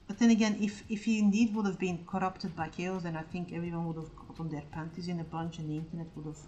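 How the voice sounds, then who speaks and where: A woman's voice: on the low side, quick pace, slight background noise, low-quality recording. A woman in her forties chatting casually on an art stream while she paints. She rambles and swears freely.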